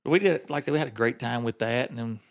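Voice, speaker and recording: A man's voice: mid-range voice, quick pace, gravelly. A man, hosting a podcast and telling a story in a rambling, folksy way, laughing often. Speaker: podcast host. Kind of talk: casual storytelling chat.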